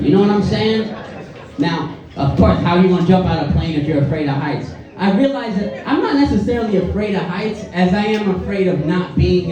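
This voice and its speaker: Loose and conversational, a high-voiced Bronx comedian with a Bronx accent works the crowd from a comedy club stage, constantly checking in with "you know what I'm saying." The audio comes from a distant, roomy club mic, muffled and dominated by a loud, laughing audience.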